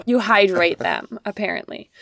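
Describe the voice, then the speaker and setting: A woman co-hosting a podcast, telling stories in casual chat with an animated, exasperated manner. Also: medium pitch, moderate pace, creaky, over a noisy crowd. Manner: animated storytelling, exasperated asides. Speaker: podcast co-host.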